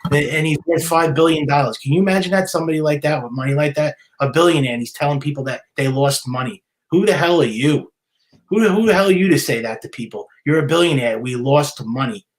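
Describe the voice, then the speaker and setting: A man's voice: a little high, quick pace. A man hosting a solo sports podcast, ranting in a heated, indignant way, repeating himself and stumbling over restarts. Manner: heated, repetitive, stammering restarts; indignant, scolding. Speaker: podcast host.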